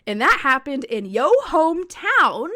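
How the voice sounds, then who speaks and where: Chatty, animated woman with a high-set voice. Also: measured pace, no echo, clean studio sound. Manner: animated and chatty, peppered with "like", casual swearing. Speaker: podcast co-host. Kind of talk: casual chat, storytelling.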